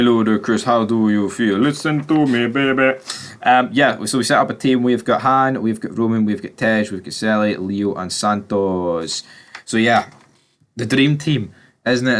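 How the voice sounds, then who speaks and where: A man's voice: lowish voice, fairly bright tone. A man giving a casual, rambling film review, talking straight to his viewers and swearing now and then. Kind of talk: casual movie review vlog.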